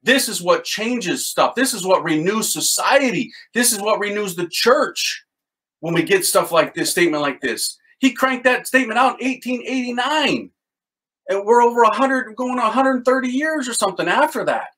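A man teaching a Catholic devotional series with excited commentary on quotes, then leading a litany prayer. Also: sits high, moderate pace, poor audio. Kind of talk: enthusiastic spiritual teaching and prayer.

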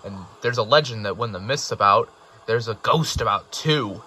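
A man's voice: lowish voice, normal speed, pushed and bright, slight background noise. Man voicing a murmuring, cautious steam engine. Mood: warning. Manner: murmuring, warning. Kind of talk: improv parody redub. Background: music.

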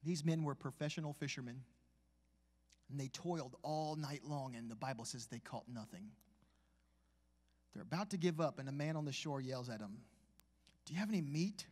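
A man preaching a live sermon in a church, with folksy asides, building from a conversational tone to shouted exhortation. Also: mid-range voice, moderate pace, long pauses. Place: church sanctuary. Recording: long church hall reverb.

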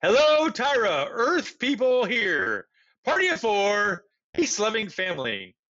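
A man voicing an excitable middle-aged father who speaks loudly and eagerly, on a dull lo-fi recording. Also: very high-pitched, unhurried, pitched above the performer's own voice, full character voice. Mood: excited.

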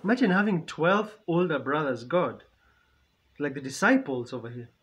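A man's voice: fairly high pitch, big pitch swings, moderate pace, a bit bright, highs cut off, slight background noise. A man giving casual reaction commentary on a film, chatty, laughing often and repeating phrases as he talks. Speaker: movie reaction reviewer.

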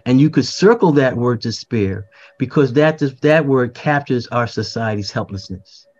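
A man's voice: medium pitch, lively intonation, normal speed, darkish tone. Older man, reflective, slightly muffled. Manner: reflective, repeats words, frequent fillers and restarts. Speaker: poet, podcast guest. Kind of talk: conversational explanation.

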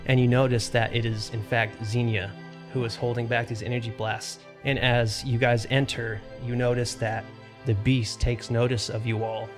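A man narrating a tabletop game as game master, describing scenes steadily with frequent fillers. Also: medium pitch.

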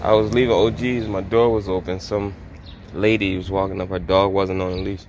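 A man's voice: low-pitched, flat delivery, fairly quick, dull audio, background noise. A man vlogging in casual chat, joking and laughing often.

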